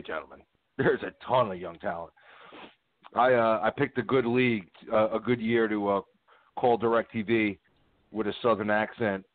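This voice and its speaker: Lowish man on a phone-thin line. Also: no room sound, phone-quality sound. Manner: loose, joking storyteller who swears. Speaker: podcast host. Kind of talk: casual sports chat.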